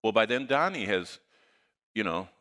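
Middle-aged male pastor, sermon storyteller, low pitch, forceful tone. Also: moderate pace. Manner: animated anecdote, quotes dialogue in lively voices.

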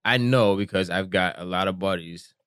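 Man, podcast co-host, laid-back, halting speech, deep resonant voice, dry close sound. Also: a bit bright, clear, resonant tone, no room sound. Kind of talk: casual chat.

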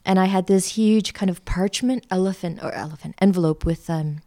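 A middle-aged woman, a podcast guest telling a lively travel story with lots of fillers. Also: lowish voice, fairly quick. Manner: chatty, animated anecdote-telling with many fillers. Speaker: interview guest, art school founder. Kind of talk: casual storytelling.

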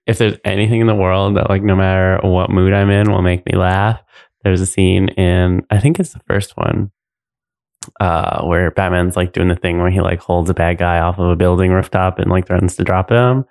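Man, gravelly voice, dry close sound, rambling casual podcast talk. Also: low voice, steady tone, moderate pace, darkish tone, dry recording. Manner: rambling storyteller, filler-heavy, giggly. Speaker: podcast co-host. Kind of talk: casual comedic chat.

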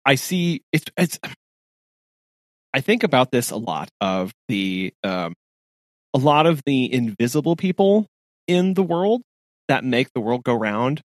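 A man co-hosting a podcast, chatting casually in an animated way with frequent laughs and restarts. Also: medium pitch, unhurried, pauses often, no echo, studio quality. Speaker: podcast co-host.

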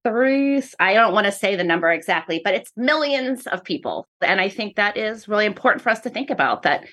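A woman's voice: medium pitch, very animated, brisk, fairly bright tone. A woman professor of speech-language pathology giving earnest, explanatory interview answers. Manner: earnest, explanatory, repeats "really" often.

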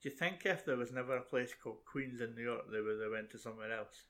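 A young man co-hosting a relaxed film chat, swearing casually as he recalls watching the movie. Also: medium pitch, quick pace. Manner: sweary, laid-back. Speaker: podcast co-host.

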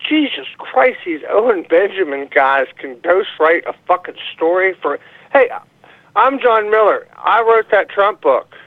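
A man's voice: high-pitched, animated, a little slow, no echo. A man calling in to a show, rambling and swearing with many fillers over a phone line. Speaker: caller. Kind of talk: call-in rant. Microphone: phone call.

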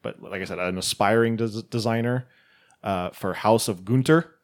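A man's voice: fairly low pitch, normal speed. A man on a casual podcast recapping a film plot, rambling with lots of fillers. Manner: rambling, filler-heavy, laughs often.

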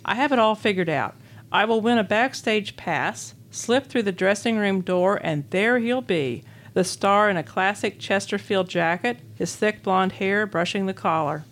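A woman's voice: mid-range voice, normal speed. An older woman from Illinois, reading her own memoir essay aloud as a guest, in a wistful, wry storytelling manner. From Illinois, USA. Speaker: author and guest.

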